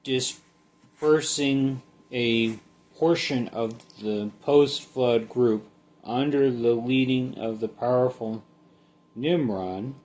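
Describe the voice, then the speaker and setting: A man giving a casual Bible study, reading a passage in a halting way and then talking it through conversationally. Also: mid-range voice, darkish tone. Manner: slow, halting, reads then comments conversationally. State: sleepy, yawning.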